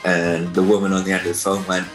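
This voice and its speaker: A man's voice: low-pitched, completely flat delivery, fast, echoey room, faint music behind, rough recording. A man with a Welsh accent telling travel anecdotes in casual chat, laughing often. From England. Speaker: travel vlogger looking back.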